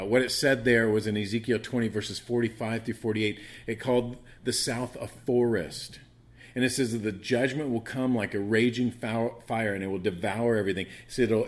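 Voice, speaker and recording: A man with a soothing voice teaching a Bible study, rambling with frequent restarts and fillers. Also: on the low side.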